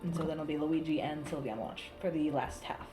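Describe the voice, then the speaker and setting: A woman's voice: low voice, quick pace. A young woman playing a tabletop game, decisive and teasing as she plans with the group. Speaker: player. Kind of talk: casual tabletop game chat. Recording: echoey room with music underneath.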